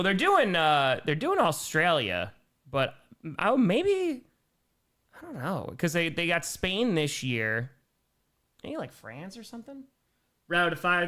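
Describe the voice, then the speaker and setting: A young man from Wisconsin calls football plays live and reads out chat in an upbeat, chatty way. His voice is bright and forward, and his pitch swings widely. It sits a touch higher than most men's. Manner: upbeat, chatty, shouting out viewers between plays. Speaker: streamer doing live play-by-play and reaction. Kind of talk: casual live-stream commentary reading chat.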